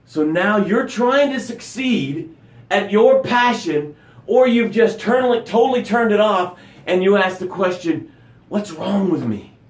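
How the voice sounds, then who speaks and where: A man's voice: high-pitched, unhurried. Fired-up male motivational coach, roomy sound. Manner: energetic, preachy, with whoops and shouts, then drops to soft breathing cues. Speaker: motivational coach hosting a daily live broadcast. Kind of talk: motivational live-stream talk.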